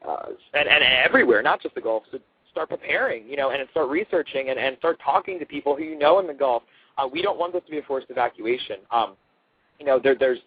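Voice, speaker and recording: Radio guest calling in: husky-voiced man, urgent and halting, thin dry phone sound. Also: a little high, no echo. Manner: urgent, repeats and restarts words. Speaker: guest, activist. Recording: narrow phone-line sound.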